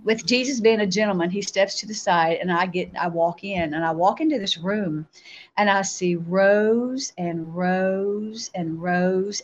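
Appearing as a guest on a show, a woman with a medium-pitched voice shares a spiritual testimony. She tells it in a lively storytelling style, acting out her own replies.

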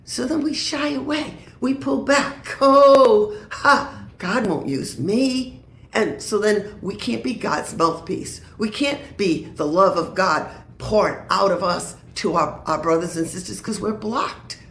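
A woman's voice: medium pitch, slow pace, few pauses, fairly bright tone, echoey room. A woman minister sharing a prophetic word in an earnest way and laughing easily.

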